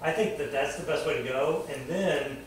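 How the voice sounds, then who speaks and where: A man in a casual comic book chat, quick to push back on the others, recorded in an echoey room. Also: on the high side, a little hiss or hum. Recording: echoey room, far from the mic.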